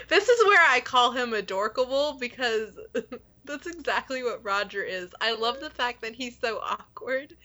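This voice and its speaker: A woman co-hosting a casual TV recap chat, telling the story in an animated way and laughing often. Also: fairly high pitch, measured pace. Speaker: podcast co-host.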